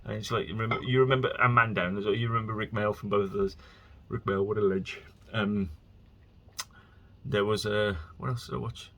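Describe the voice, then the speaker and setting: A man's voice: fairly low pitch, fairly even intonation, fairly quick, fairly bright tone. A man hosting his own podcast, rambling casually from topic to topic and slipping into exasperated rants. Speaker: podcast host.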